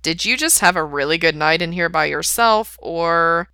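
A woman voicing a brash young man who talks loudly and teases. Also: on the low side, normal speed, clear, resonant tone, no echo, clean studio sound. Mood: teasing. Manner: loud and teasing.

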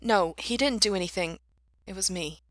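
A woman's voice: medium pitch, normal speed, dry recording, close to an everyday voice. A woman voicing a hesitant, anxious young man in a story she reads aloud. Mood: sheepish. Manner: hesitant, quiet, flustered.

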